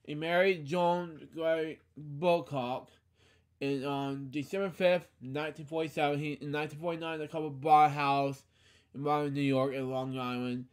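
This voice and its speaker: A young man hosting a podcast, reading a tribute aloud in a halting way with many fillers and restarts, out of breath. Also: fairly high pitch, fairly even intonation, clean tone. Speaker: podcast host.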